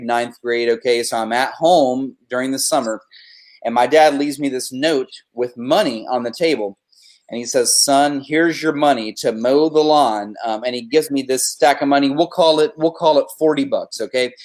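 A man hosting a casual podcast, telling a long profane story with animated energy. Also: medium pitch. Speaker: podcast host.

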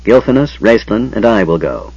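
A tense half-elf leader gives orders in a low, urgent murmur, as a male narrator plays him. The voice is lively and slightly husky, on a dull lo-fi recording. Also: moderate pace, no echo, full character voice.

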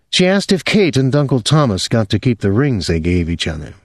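A man reading a novel aloud in measured, even narration. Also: mid-range voice, no room sound, studio quality. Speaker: audiobook narrator. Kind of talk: scripted narration.

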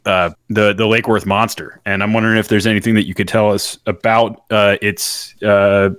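A man's voice: fairly low pitch, level tone, normal speed, fairly bright tone, no echo, studio quality. A man co-hosting an improvised comedy podcast, rambling in a mock-earnest way. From Texas. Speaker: podcast co-host.

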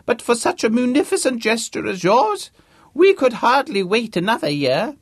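A man's voice: very high voice, very animated, moderate pace, husky, no echo, clean studio sound, pitched above the performer's own voice, heavily acted. A man voicing a very old, deaf, blustering academic who bellows his lines pompously. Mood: bellowing. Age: older. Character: old deaf blustering male Vice-Chancellor impostor.

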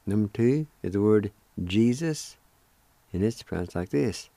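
Male radio language teacher, low and unhurried, patient syllable-by-syllable delivery, dry close sound. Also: lively intonation, mellow, no echo.

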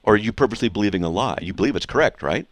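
A man's voice: on the low side, animated, rapid-fire, dry recording. Pressing, insistent male radio host. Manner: pressing, interrupting, repeats questions. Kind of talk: call-in apologetics debate.

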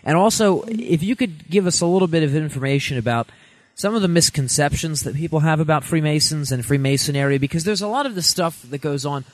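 A man hosting an interview, asking a long, halting question with repeated words. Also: mid-range voice, no room sound. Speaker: host.

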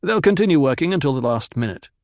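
A man's voice: mid-range voice, expressive, fast, no echo, clean studio sound, voice pushed up, natural voice. A man voicing Kynes, a terse, businesslike desert ecologist who makes clipped radio calls. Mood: matter-of-fact.

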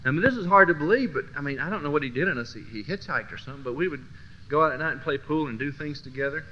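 A man teaching a Christian class through personal storytelling, swinging from low murmurs to loud bursts. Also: expressive, racing. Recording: dull lo-fi recording with faint hiss.

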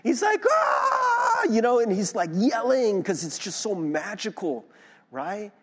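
Young man, pastor, sermon, husky voice, long hall echo. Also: high voice, unhurried. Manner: animated, chatty, self-mocking, frequent "right?".

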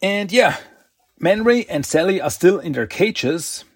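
A man's voice: high voice, animated, measured pace, breathy edge, no echo, studio quality. A man casually recapping a comic book story, rambling along with restarts, second-guessing himself and chuckling.

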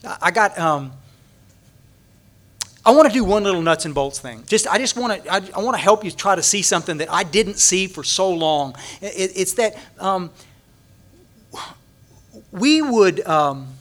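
Man, high voice, recovery conference talk, animated storytelling, frequent restarts. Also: normal speed, pauses often. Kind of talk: storytelling talk to a large audience.

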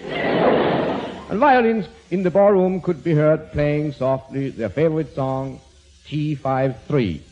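A man's voice: on the high side, slow pace, darkish tone. A man with a doing a comic monologue, reading a silly passage aloud with little chuckles and swapping numbers into his words. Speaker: comedian and pianist. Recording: dull lo-fi old radio recording, noisy.

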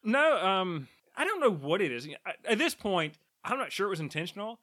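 Bright-voiced man, dry and quick. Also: high voice, big pitch swings. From American South. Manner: speaks rapidly, measured and dry. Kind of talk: casual chat.

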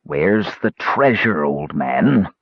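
A rough, sneering bandit chief, as a male storyteller puts him on growls out his threats in a low, husky voice that rises and falls sharply. He speaks slowly and deliberately. The storybook recording is dry and a little dull. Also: sing-song, no room sound, full character voice. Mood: menacing. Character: cruel greedy male bandit leader, rough, menacing.

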